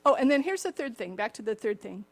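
A woman's voice: on the high side, big pitch swings, quick pace. An older woman preaching a sermon, with a slightly cracked voice and chuckling asides. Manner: warm chuckling asides, acts out the story voices.

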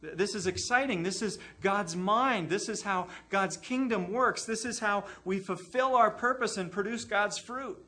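A man preaching with a high, bright voice that carries clearly. He sounds earnest and emphatic, stacking repeated phrases to drive each point home in a sermon. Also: moderate pace, hardly any pauses. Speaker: pastor.

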